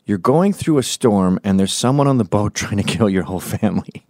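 A man in his forties with a fairly low voice, holding forth in a comedic podcast rant. He swears freely and drops into quick impressions of the people in his stories. The sound is dry and close, with no room around it. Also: lively intonation, a little mellow, no room sound. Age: 40s. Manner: profane, ranting, opinionated; acts out quoted voices mid-story.

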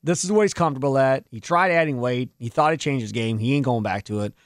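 A man's voice: medium pitch, fast talker, no room sound, clean studio sound. A man hosting postgame sports talk radio, breaking down the box score and ranting about roster moves. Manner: animated, heated rants.

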